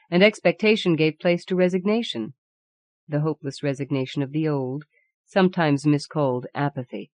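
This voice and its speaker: Low-voiced woman reading a grave tale. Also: darkish tone, no room sound. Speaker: audiobook narrator. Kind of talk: scripted narration of a horror tale.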